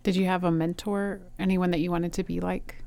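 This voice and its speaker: A woman's voice: fairly low pitch, flat delivery, brisk, vocal fry, darkish tone, no room sound. A woman interviewing someone, asking short questions and giving brief encouraging replies.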